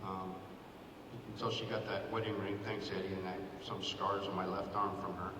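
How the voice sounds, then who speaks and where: A man in his fifties gives a sentimental acceptance speech, thanking people by name at a school ceremony. His voice sits a little low and reaches the mic from a distance. The gym adds a long, roomy echo and a steady background noise. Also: normal speed. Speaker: hall of fame honoree, former athletic director. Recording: echoey gym, picked up from far off, noisy.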